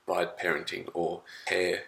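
A man in his thirties talks in a deep, gravelly voice with a bright edge. He rambles thoughtfully, often restarting his sentences. The room around him is echoey. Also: completely flat delivery, normal speed. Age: 30s. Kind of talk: casual chat.

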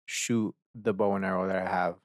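A man's voice: low voice, steady tone, moderate pace, no room sound, clean studio sound. Profane rambling young man. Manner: profane, rambling storyteller who acts out characters. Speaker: podcast host. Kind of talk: casual rant.

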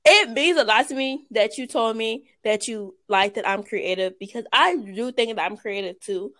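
A woman's voice: a little high, normal speed, pushed and bright, dry recording. A woman, co-hosting a podcast in casual, chatty talk and laughing often. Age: 20s. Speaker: podcast co-host. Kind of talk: casual chat.

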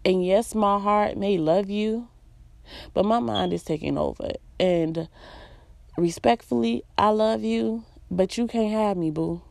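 Woman vlogger, emphatic and profane, in a dark, dry voice. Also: mid-range voice, a little slow, vocal fry, no echo. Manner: emphatic, blunt, profane, repeats phrases for emphasis. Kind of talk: venting personal monologue.

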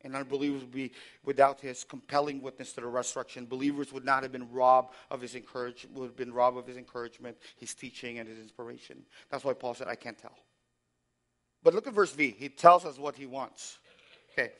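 A man preaching a sermon, moving between quiet, reflective passages and loud, impassioned exhortation, often asking the congregation to respond. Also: medium pitch, fairly even intonation, a little fast. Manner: asks the congregation for call-and-response. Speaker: pastor.

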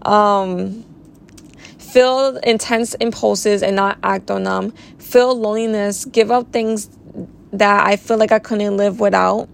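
A woman's voice: mid-range voice, steady tone, slow, gravelly. A woman hosting her own podcast, sharing a heartfelt personal faith testimony in an earnest, emotional, reflective way. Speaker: podcast host.

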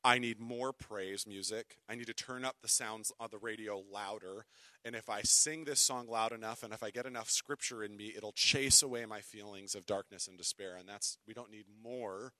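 A man preaching a sermon, with wry conversational asides, who reads scripture dramatically, swinging from loud declaiming to hushed whispers. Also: on the low side, steady tone, normal speed, dry recording. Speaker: pastor.

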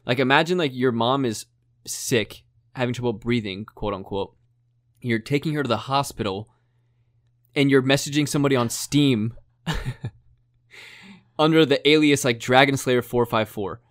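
A man, a streamer, casually telling a story on a podcast, animated, acting out quotes with lots of "like" and some swearing. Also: mid-range voice, measured pace, long pauses, no room sound, studio quality.

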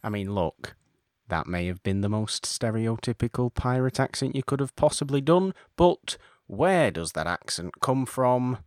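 A man's voice: mid-range voice, expressive, measured pace, no echo, studio quality. A man hosting a casual podcast chat, rambling and correcting himself as he talks, with frequent chuckles. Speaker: podcast host.

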